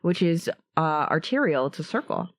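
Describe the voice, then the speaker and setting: A young woman comedian talking on a podcast in a lowish voice. She jokes in a dry, offhand way, trails off with fillers, and sounds close and dry. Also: sing-song, normal speed, no room sound. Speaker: stand-up comedian guest. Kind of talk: casual comedy podcast chat.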